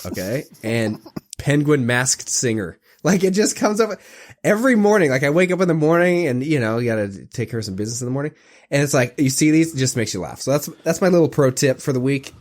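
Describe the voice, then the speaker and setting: A man's voice: medium pitch, lively intonation, a little fast. Hesitant, chuckling podcast guy. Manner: hesitant, chuckling, full of ums. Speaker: podcast co-host. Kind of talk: casual chat.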